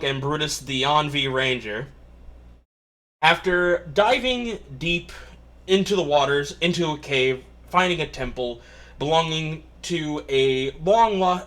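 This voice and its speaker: Brief: man, game master, casual rambling recap, a touch high-voiced. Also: fairly bright tone. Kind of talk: recapping a tabletop game session.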